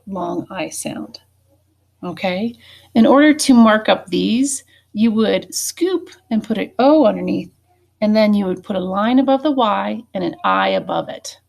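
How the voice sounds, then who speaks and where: A woman's voice: mid-range voice, gravelly. A woman teaching a phonics lesson, patient and checking in with students often. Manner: patient, checking in with frequent "okay?" and "right?".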